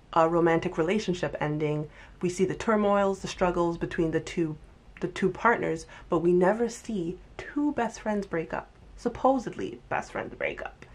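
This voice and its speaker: A young woman talking casually into the camera, her voice sitting a little low. She recaps a show in a chatty, lively way and slips into exaggerated voices for quoted lines. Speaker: TV recap vlogger. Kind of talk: casual commentary.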